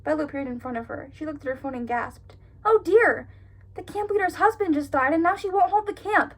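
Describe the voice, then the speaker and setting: High-voiced young woman, sarcastic. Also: expressive, fairly quick. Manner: sarcastic, giggly, incredulous asides. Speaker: vlogger reading her childhood stories. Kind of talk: reading aloud with running commentary.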